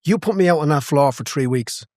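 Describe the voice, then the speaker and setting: A man's voice: fairly high pitch, fairly quick, a little mellow, no echo, studio quality. Passionate man, emphatic podcast guest. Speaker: guest, boxing coach and cutman. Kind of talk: conversational podcast interview.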